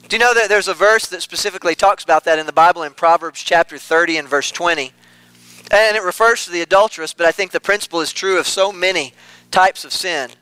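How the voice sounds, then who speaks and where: A man's voice: high-pitched, brisk, pushed and bright, clean tone, no echo, rough recording. A man preaching an earnest sermon, repeating phrases for emphasis.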